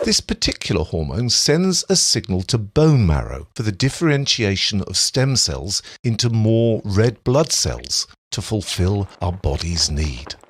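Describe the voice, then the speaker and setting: Lively-pitched male science narrator. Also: slightly rough, no echo, studio quality. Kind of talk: scripted educational narration.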